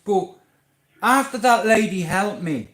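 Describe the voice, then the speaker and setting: A man's voice: high voice, a little slow. Irish man, raised voice for a guy, profane storyteller on a livestream, echoey room. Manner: blunt, swearing, animated storyteller.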